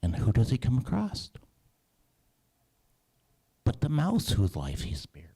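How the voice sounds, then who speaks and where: A man telling a story to children at a church service, animated and halting, often restarting phrases. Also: low voice, husky. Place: church sanctuary.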